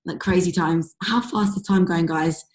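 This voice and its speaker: Her voice is strained, low-ish, steady in tone, and at a normal speed. Hosting a group video call as team leader, she gushes and rambles through a motivational pep talk, dropping lots of likes and ums. There's a roomy echo on the call.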